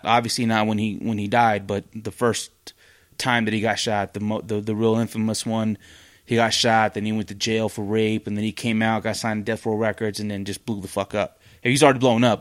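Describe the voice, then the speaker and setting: A man hosting a podcast, delivering a blunt, heated, profane rant in casual commentary with many fillers and restarts. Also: fairly low pitch. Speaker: podcast host.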